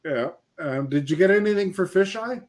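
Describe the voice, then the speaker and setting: A man's voice: high voice, animated, normal speed. A man co-hosting a casual live call-in chat, talking loosely with frequent laughs and restarts over a video call. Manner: chatty, laughs often, restarts sentences. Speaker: co-host.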